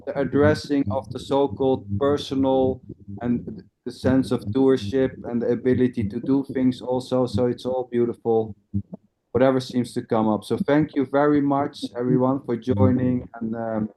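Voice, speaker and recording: A man's voice: medium pitch, level tone, normal speed, mellow, a little hiss or hum, poor audio. A man hosting an online group meeting, talking casually and hesitantly with repeated phrases over a video call. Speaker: host of an online nonduality meeting.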